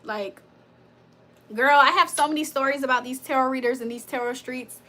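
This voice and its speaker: Her voice sits high with a steady tone, pushed and bright, at a moderate pace. She's a tarot reader hosting a livestream, swapping stories and casual chat, laughing frequently and swearing freely.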